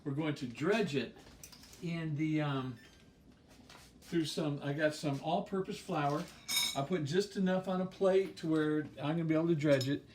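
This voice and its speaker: A man's voice: on the high side, normal speed, a little mellow, a little hiss or hum. A man hosting a home cooking show, walking through a recipe in an easygoing, rambling way with plenty of um fillers and chuckles. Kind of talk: casual cooking demonstration. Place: home kitchen. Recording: roomy kitchen, mic at a distance.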